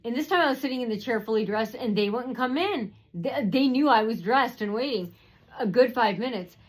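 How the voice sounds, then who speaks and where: A woman's voice: fairly high pitch, animated, a little fast, poor audio. A woman telling a personal story in a rambling way, with many fillers and restarts.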